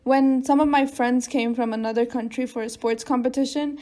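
A woman's voice: fairly high pitch, fairly even intonation, a little fast, mellow. A teenage girl co-hosting a casual podcast chat, talking with many fillers and frequent laughs. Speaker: podcast co-host.

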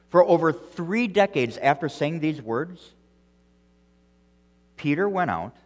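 A male pastor preaching an earnest sermon, repeating words as he goes and swinging between loud emphasis and quiet, soft phrases. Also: medium pitch, in a large hall. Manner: earnest preaching with frequent restarts and strong swings in loudness.

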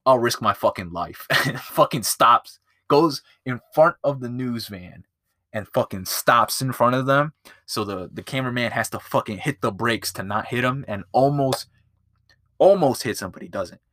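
A man's voice: medium pitch, measured pace, a bit bright, no room sound. A man hosting a casual movie-review podcast, rambling and swearing a lot, with plenty of filler words. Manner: rambling and profane, with lots of filler. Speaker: podcast host.

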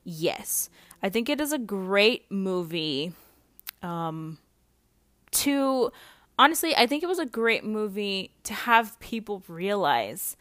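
A woman's voice: medium pitch, very animated, takes it slowly, a bit bright, no room sound. A young adult woman hosting a podcast in a casual monologue, chatty and blunt, swearing freely and peppering her talk with "like.". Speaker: podcast host.

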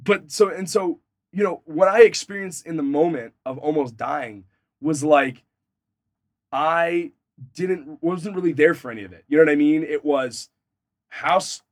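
Young guy on a podcast telling a crazy story, swears a lot, gets loud then mumbly, kinda high voice, dry sound. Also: unhurried, dry recording. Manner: animated, profane, swings from loud excitement to low mumbling. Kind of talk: casual storytelling chat.

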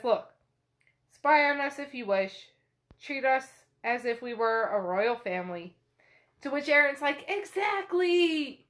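A woman hosting a book podcast retells a chapter in a relaxed, chatty way. Her voice sits a little high, and she takes her time. She keeps dropping fillers as she paraphrases. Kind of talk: casual retelling of a novel chapter.

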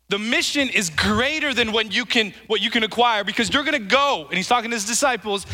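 A man's voice: very high-pitched, expressive, a little fast, sharp tone. A man preaching a sermon, emphatic, calling on the congregation to respond and repeating his phrases. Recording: long hall reverb.

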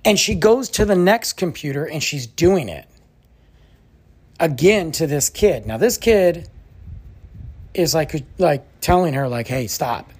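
A man hosting a podcast who tells a story in a casual, animated, exasperated way and says "like" often. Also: fairly high pitch, unhurried, pauses often, husky. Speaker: podcast host.

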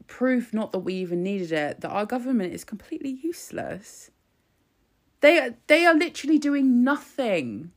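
A young woman giving casual political commentary in a sarcastic, exasperated way, with frequent swearing. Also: mid-range voice.

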